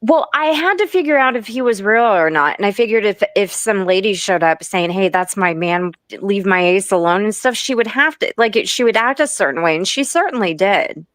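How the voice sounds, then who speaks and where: A woman's voice: medium pitch, animated, fairly quick, few pauses, a bit bright, dry recording. A woman telling a long gossip story in casual chat, rambling and laughing often between lines.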